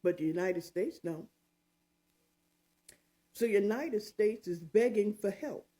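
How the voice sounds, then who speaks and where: A woman's voice: medium pitch, slow pace, warm tone. An older woman hosting her own opinion show, talking in a sassy, mocking, emphatic way. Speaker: commentary show host. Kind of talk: opinionated commentary.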